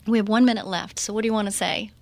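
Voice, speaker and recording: A woman's voice: mid-range voice, fairly even intonation, rapid-fire, vocal fry, darkish tone. A middle-aged woman hosting a faith-based radio talk show, earnest and encouraging, laughing often.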